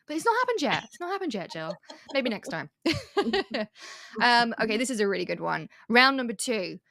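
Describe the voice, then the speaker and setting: A woman's voice: on the high side, very animated, moderate pace, gravelly, fairly bright tone, no echo, studio quality. A woman hosting a podcast, teasing and giggling through a quiz game with her guest. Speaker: podcast host. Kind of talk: casual interview chat.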